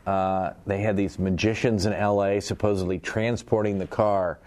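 Middle-aged man with a deep voice; animated anecdotal panelist, laughs easily. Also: normal speed. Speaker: former auto industry PR man, panelist. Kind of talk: casual podcast chat.

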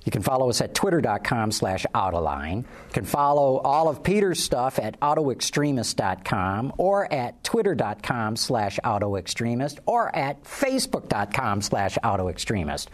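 A man's voice: mid-range voice, very animated, normal speed, few pauses. A man hosting a casual talk show, rambling and restarting his sentences. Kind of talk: casual panel chat.

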